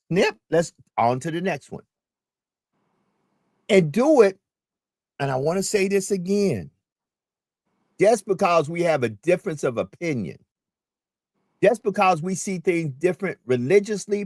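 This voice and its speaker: This community talk radio host has a high, somewhat dark voice, recorded cleanly in a studio with no room sound. He drives his points home like a preacher, saying the important ones again and again.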